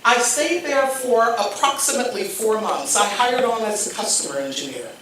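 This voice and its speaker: A woman giving a talk at a live event, telling a personal story and acting out the dialogue with lively energy. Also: fairly high pitch, normal speed, slight background noise. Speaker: keynote speaker. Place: event hall. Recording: echoey hall mic from a distance.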